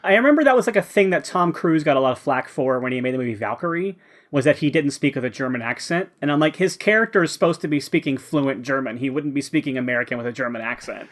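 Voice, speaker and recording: A man's voice: mid-range voice, expressive, fast. Chatty man laughing through podcast talk. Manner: chatty, filler-heavy, laughs often. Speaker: podcast co-host. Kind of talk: casual commentary chat.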